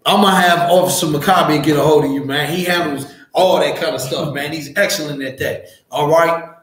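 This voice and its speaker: A man teaching a scripture class, loud and profane, fired-up like a street preacher. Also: a little high, steady tone, brisk. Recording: very echoey room.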